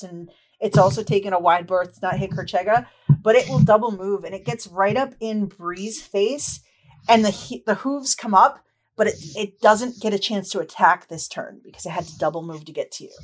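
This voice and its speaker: A woman narrates a tabletop fantasy game as its game master, describing every charge and claw. Her delivery is lively and descriptive, with quick laughs between rolls. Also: medium pitch.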